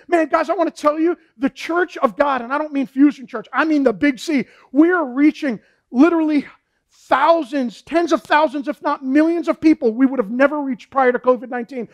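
Fervent high-voiced preacher. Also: moderate pace. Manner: fervent, repetitive, peppers talk with "man" and "folks". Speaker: pastor. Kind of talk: preaching a sermon.

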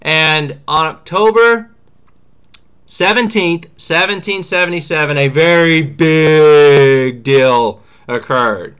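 A man's voice: a little high, slow pace, fairly bright tone, clean tone. A man teaching a history lesson in a casual, slangy way, acting out what historical figures say. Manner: chatty, slangy, acts out quotes.

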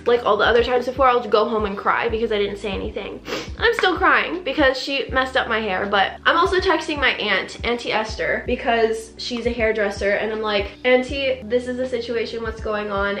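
A young woman telling the story of a bad haircut, close to tears and frustrated, acting out both sides of the conversation. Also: fairly bright tone. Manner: tearful, frustrated, quotes herself and the hairdresser in higher voices. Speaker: vlogger. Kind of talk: emotional storytime rant. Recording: echoey room.

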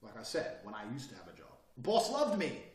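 A man's voice: mid-range voice, wildly swooping pitch, a little fast. Brash swearing man lecturing in a roomy space. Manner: blunt, brash and forceful, swearing freely. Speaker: course instructor. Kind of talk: profane motivational lecture. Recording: roomy sound, mic at a distance.

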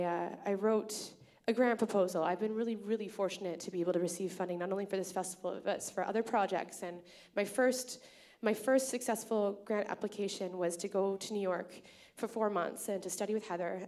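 A Canadian woman organizes and hosts a live tap festival, speaking from the stage as emcee to the audience. Her medium-pitched, darkish voice is chatty and grateful, and she tells stories with lots of "um" and "uh."

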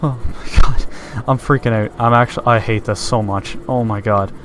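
A man's voice: medium pitch, steady tone, normal speed, background noise. A man giving let's-play commentary while playing a game, nervous and easily startled, breaking into screams when scared. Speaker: gameplay commentator.

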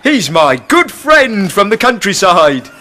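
A man's voice: high-pitched, very animated, slow, loud music behind the voice. A man presenting a children's TV show, enthusiastic and exclaiming. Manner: enthusiastic, exclaiming, sings along.

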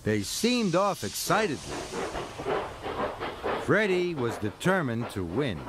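Male narrator, slow, lively lilting pitch, storybook reading, music behind. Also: heavy background noise.

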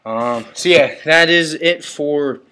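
Slow, laid-back young man. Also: a little high, pushed and bright, smooth. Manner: laid-back, halting, lots of ums and uhs, offhand jokes. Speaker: vlogger giving a house tour. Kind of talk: casual house tour narration. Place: inside a house.

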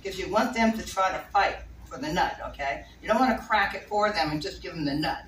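A woman's voice: fairly low pitch, expressive, fast, fairly bright tone. A woman giving a casual talk about keeping birds, chatty and rambling, laughing often. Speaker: bird keeper giving a talk. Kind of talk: casual talk to a small audience. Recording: echoey room, distant mic, faint noise.

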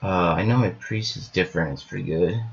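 A man's voice: low-pitched, a little fast, vocal fry. A man commenting casually on his card game, rambling and repeating little stock phrases, with the odd goofy joke. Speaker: gaming streamer. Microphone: webcam setup at home. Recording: slightly dull lo-fi sound.

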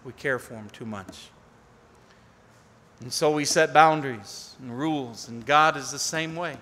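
Pastor guy preaching slow and earnest, kinda high voice, big echoey church hall. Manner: earnest preaching that swells to pleading and drops to near-hushed tones. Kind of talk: sermon. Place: church sanctuary. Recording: long hall reverb.

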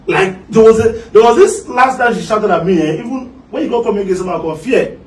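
A man with a Nigerian Pidgin English accent in a casual group chat, teasing and animated, laughing often. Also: high voice, a little fast. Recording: echoey room, distant mic, faint noise.

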